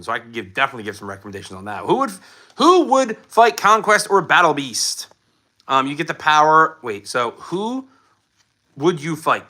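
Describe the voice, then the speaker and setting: A man's voice: medium pitch, pushed and bright. A young man hosting a casual live stream, reading out viewer questions and answering them with lots of ums and uhs. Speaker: livestream host answering chat questions.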